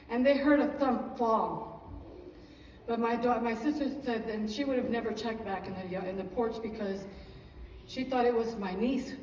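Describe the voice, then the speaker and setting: A woman's voice: on the high side, darkish tone, slight background noise. A woman giving an emotional church testimony, telling her story earnestly and praising God between sentences, recorded from far off in an echoey church hall.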